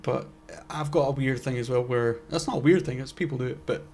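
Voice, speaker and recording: A young man co-hosting a laid-back podcast. His voice sits in a middle pitch, and he rambles through his thoughts with plenty of fillers and offhand swearing. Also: a little fast, a little mellow, a little hiss or hum. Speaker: podcast co-host. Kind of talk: casual chat.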